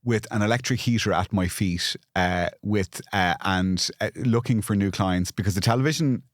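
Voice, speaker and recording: An Irish man in his forties, talking as a guest in a candid interview. His voice sits low, and he stumbles through restarts and repeated words. The sound is close and dry, with no room around it. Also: no echo. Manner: halting restarts, repeats words, grows emotional. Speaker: guest, architect and TV presenter.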